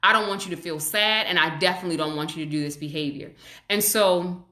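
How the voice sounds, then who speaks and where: Speaking fast in a fairly low voice, this woman is a child psychologist hosting a parenting live stream. Her audio comes from a webcam or phone and sounds roomy. She reassures viewers warmly as she responds to their comments, slipping into parent and child voices.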